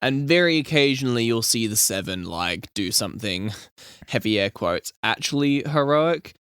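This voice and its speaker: A man's voice: medium pitch, animated, normal speed, a bit bright, smooth, no room sound, studio quality. A man hosting a podcast, explaining things in casual chat with lots of "um"s. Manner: explaining at length with many fillers. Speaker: podcast host.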